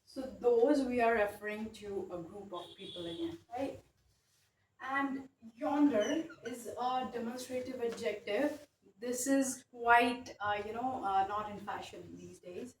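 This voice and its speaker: A woman's voice: on the high side, measured pace, a little hiss or hum. Woman teacher in an echoey room. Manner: explains patiently with many fillers and tag questions. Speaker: English teacher. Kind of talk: grammar lesson. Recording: echoey room, mic at a distance, faint ambience.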